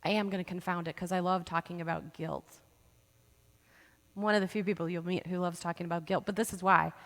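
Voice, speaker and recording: A woman counselor giving a presentation at a church, teaching in a lively way and often checking in with "right?". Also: lowish voice, brisk, long reverb tail. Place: church hall.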